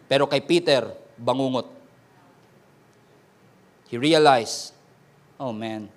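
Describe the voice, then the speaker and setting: A man with a Filipino accent preaching a sermon, mixing Tagalog and English and acting out quoted voices dramatically. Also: medium pitch. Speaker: pastor.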